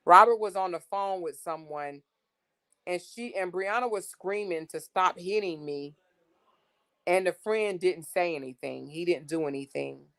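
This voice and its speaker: A woman's voice: lowish voice, a little slow, gravelly, fairly bright tone. A woman hosting a casual livestream, reading text messages aloud to her viewers in an exasperated, blunt way and swearing freely. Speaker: livestream host.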